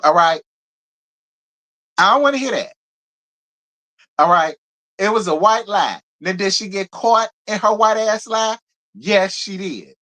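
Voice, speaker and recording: A man hosting a casual live recap of a reality TV show, talking in a gossipy, profane, animated way and laughing often. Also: sits high, a little slow. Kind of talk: casual live review commentary.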